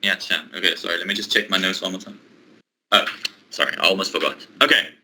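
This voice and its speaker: A man teaching English one-to-one, explaining a role-play exercise patiently, step by step, with pauses. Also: low voice, sharp tone, slight background noise, poor audio. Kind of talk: online one-to-one English lesson.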